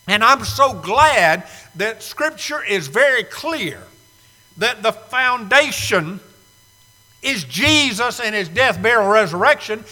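Male preacher, high-pitched and very bright, emphatic, dramatic loud-to-hushed delivery. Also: animated, takes it slowly, big-room sound, low-quality recording. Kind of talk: sermon. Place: church sanctuary.

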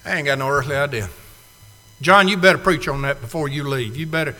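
A man preaching a folksy sermon to a congregation, swinging from loud declarations to hushed asides. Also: fairly high pitch, a little fast. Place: church sanctuary. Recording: long reverb of a church hall.

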